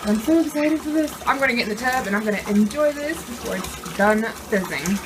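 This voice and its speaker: A woman's voice: on the high side, brisk, hardly any pauses. Twenties woman, casual vlogger, talks to her phone camera, bubbly and giggly, faint hiss behind. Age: 20s. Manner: chatty and easily excited, laughs often. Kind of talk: casual vlog chat to camera.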